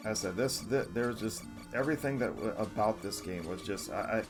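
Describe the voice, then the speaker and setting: A man's voice: on the low side, a little fast, few pauses, over music. A man reading out his review of a favourite retro game on a live stream, earnest and often restarting his sentences. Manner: earnest, self-correcting restarts.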